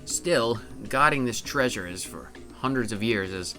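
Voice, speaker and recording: A swaggering skeleton pirate king gloats over his treasure, as a man puts him on for a game playthrough. He draws out his words with theatrical scorn in a bright, sharp tone. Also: medium pitch, lively intonation, a little slow, faint music behind. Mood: gloating. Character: boastful undead male pirate skeleton king.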